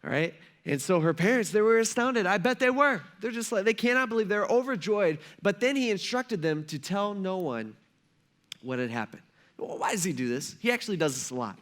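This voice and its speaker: A man's voice: high-pitched, lively intonation, a little fast, a bit bright. A male pastor giving a casual, conversational sermon, slangy and acting out the people in the story. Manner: conversational, slangy, acts out quoted voices. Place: church.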